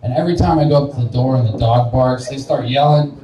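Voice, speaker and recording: Amid crowd noise, a young comedian from Wichita, Kansas talks fast in a mid-range voice, delivering a rambling, self-deprecating stand-up set on the live stage of a small bar. He regularly laughs at his own jokes, and his voice carries from a distance through the echoey room.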